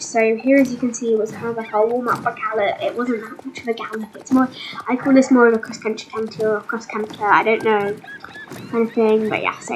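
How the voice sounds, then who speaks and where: Casting: woman vlogger with a cold, slightly high, croaky voice, rambling casual voiceover, faint hiss behind. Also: rough recording. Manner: rambling, full of "but yeah" and "um". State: sick and croaky. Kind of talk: casual voiceover of a game riding vlog.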